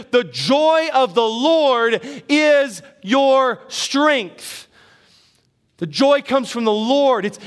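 A man's voice: very high voice, fairly bright tone, clear, resonant tone. A middle-aged man preaching a sermon as pastor, conversational, asking the congregation questions and joking about himself. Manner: conversational, asks the congregation questions, self-deprecating humor.

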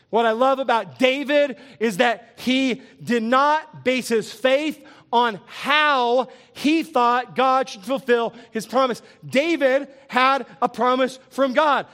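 A man with a strikingly high voice delivers a sermon from the pulpit. He keeps things lively, throwing questions to the congregation and chuckling along the way. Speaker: pastor.

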